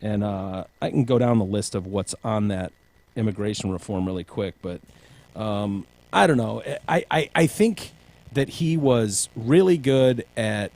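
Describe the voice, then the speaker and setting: A man's voice: lowish voice, lively intonation, a little slow, a little mellow, no room sound. Man, podcast host, casual political chat, swears a lot, dry close mic. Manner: loose, profane, mocking impressions.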